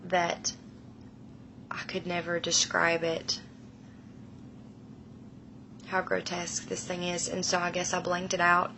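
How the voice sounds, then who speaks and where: A woman in her thirties retelling a frightening personal experience in a slow, emotional, hushed way, often dropping her voice low. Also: vocal fry, a little hiss or hum, rough recording. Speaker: storyteller. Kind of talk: personal paranormal story.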